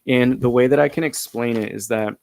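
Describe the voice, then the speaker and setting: A man earnestly recounting a personal breathwork experience, halting and full of fillers. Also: mid-range voice, creaky, darkish tone. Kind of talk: personal storytelling.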